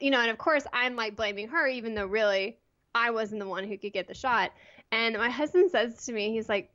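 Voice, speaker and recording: Woman in her 30s, podcast guest, chatty storyteller, higher voice, kinda muffled audio. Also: fairly quick. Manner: chatty, animated storytelling with frequent "like" and laughs. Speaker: guest, photography blogger. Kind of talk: casual interview storytelling.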